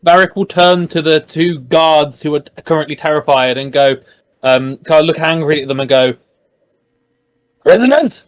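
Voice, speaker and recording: A man playing in a tabletop game, describing what his character does with hesitant ums and uhs. His voice sits fairly high, and the sound is dry and close. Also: flat delivery, moderate pace, smooth, no room sound. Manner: hesitant, describes actions with fillers. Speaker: player. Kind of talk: casual tabletop play.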